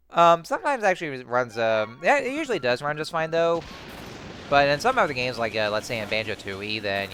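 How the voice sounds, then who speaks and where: A young man giving casual, rambling commentary while playing a video game, with excited outbursts. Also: medium pitch. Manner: rambling, many fillers and restarts, excitable outbursts. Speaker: let's play host.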